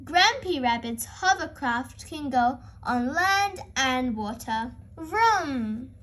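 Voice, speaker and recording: A woman reads a picture book aloud to young children as the host. Her voice is high and very animated, rising and falling with each line. She keeps the pace slow and clear. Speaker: storyteller. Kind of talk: children's read-aloud narration.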